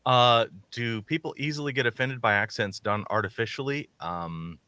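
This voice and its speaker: A man's voice: medium pitch, moderate pace, bright, forceful tone, clean tone, no room sound. A man co-hosting a call-in show, talking in a chatty, rambling way with many restarts. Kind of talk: casual chat.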